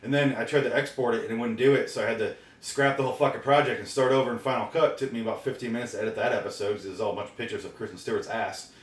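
A man's voice: medium pitch, steady tone, racing, hardly any pauses. Profane, exasperated man ranting in an echoey room. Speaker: vlogger. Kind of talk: ranting solo video. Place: room recorded on camera and portable recorder.

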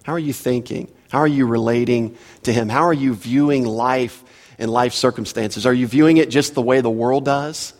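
A man's voice: medium pitch, moderate pace, darkish tone. A man preaching a sermon as a pastor, in a conversational way with asides and repeated words, recorded in a church sanctuary. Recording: reverberant church hall.

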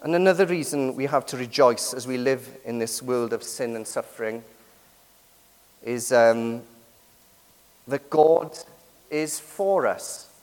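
A man preaching a sermon with lively emphasis, many rhetorical and tag questions to the congregation. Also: medium pitch, measured pace, pauses often. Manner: lively, rising and falling emphasis. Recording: long hall reverb.

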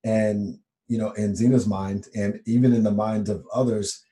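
A man's voice: lowish voice, steady tone, normal speed, mellow. A man co-hosting a podcast, speaking earnestly and reflectively, with frequent fillers. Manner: earnest and self-examining, with fillers. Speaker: podcast co-host. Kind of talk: reflective conversational podcast talk.

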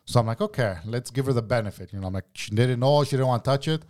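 A man's voice: mid-range voice, quick pace, a little mellow. Man, casual podcast guest, heated, profane, acts out the dialogue. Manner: acts out both sides of arguments. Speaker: guest telling a work story.

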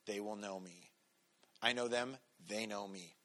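A man, a pastor, giving a relaxed, conversational sermon with everyday stories. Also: on the low side, a little slow. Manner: relaxed, storytelling, talks to the congregation directly.

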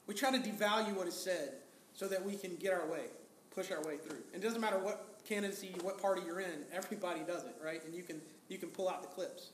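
A man's voice: high voice, quick pace, echoey room, a little hiss or hum. A man preaching a sermon as pastor, talking in a conversational way, asking the congregation rhetorical questions and acting out quotes.

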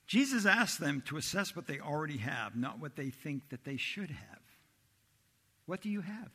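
A male pastor delivers a sermon with bright, pressing energy and a slightly husky edge. He tells the story with lively acted-out voices. His voice rings through the long reverb of a large hall. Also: fairly high pitch, moderate pace. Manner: animated storytelling, acts out disciples' voices.

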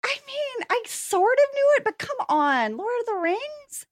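Female podcast co-host, high lively pitch, exasperated and expressive. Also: measured pace, dry recording, studio quality. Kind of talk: casual chat.

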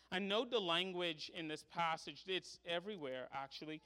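Male pastor, high-pitched voice, earnest sermon delivery building to emphatic peaks. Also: moderate pace, pushed and bright. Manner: earnest preaching, rising to emphatic pleading.

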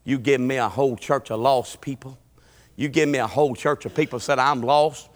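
A man preaching a sermon in a folksy way, swinging between shouting and low muttering. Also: fairly even intonation, normal speed, big-room sound.

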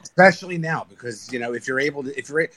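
Bright-voiced man telling rowdy stories. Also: mid-range voice, fast. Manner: animated storyteller, swears freely. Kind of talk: casual podcast chat.

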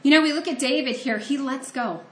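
A woman's voice: high-pitched, brisk, roomy sound, a crowd in the background. A woman from Ohio giving a conversational, earnest sermon that mixes scripture reading with personal storytelling. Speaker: preacher.

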